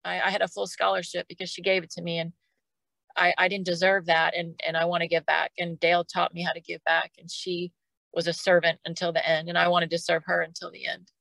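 A middle-aged woman tells a personal story as a guest on a podcast. Her voice is bright and clear, recorded dry and close with little room sound. She talks in an emotional, casual way and often repeats words as she goes. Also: lowish voice, monotone, a little fast, no echo, rough recording. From Oklahoma.

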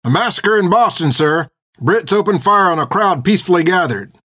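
Guy voicing a frantic messenger dude yelling from horseback, pitched way up, loud, audiobook. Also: lively intonation, normal speed, no echo, studio quality, exaggerated voice. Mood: frantic alarm. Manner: frantic, shouting. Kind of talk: audiobook character voice.

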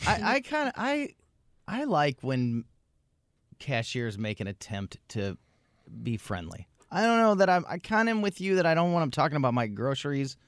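A man's voice: a little high, sing-song, moderate pace, no echo, studio quality. A man chatting casually as a co-host, easygoing and wry. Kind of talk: casual chat.

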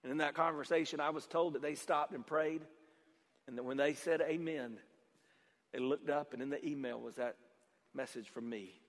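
A man preaching a sermon as pastor, telling a story with acted-out dialogue that swings from loud to quiet. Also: on the high side, moderate pace, long reverb tail.

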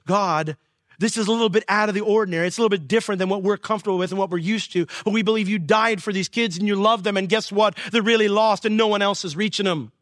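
A middle-aged pastor preaching a sermon in an earnest way, building to impassioned peaks. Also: male voice, sits high, no echo, studio quality.

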